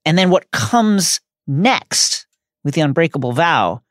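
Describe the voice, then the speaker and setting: A man's voice: fairly high pitch, very animated, unhurried, dry recording, clean studio sound. A man co-hosting a podcast, giving an emphatic, essay-like delivery. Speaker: podcast co-host. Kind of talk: casual podcast discussion.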